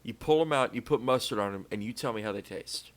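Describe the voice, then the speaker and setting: A man's voice: mid-range voice, fast talker. A man hosting a casual podcast chat, laughing often and joking loosely. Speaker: podcast host.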